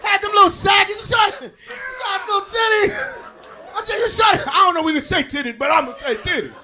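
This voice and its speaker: A man doing a stand-up comedy set for a live audience, shouting his punchlines, laughing at his own jokes and calling out to the crowd. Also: very high-pitched, fairly quick. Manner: talks straight to the crowd, calls out to them.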